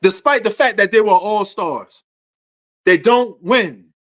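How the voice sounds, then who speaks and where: Loud passionate New man. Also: sits high, lively intonation, slow pace. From New York. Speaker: sports talk show host. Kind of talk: livestream sports debate answering chat. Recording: dull lo-fi stream audio.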